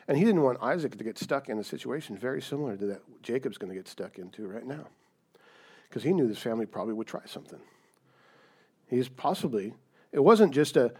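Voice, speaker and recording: A man preaching a sermon in a conversational, animated storytelling way, often checking in with "right?". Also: mid-range voice. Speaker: pastor.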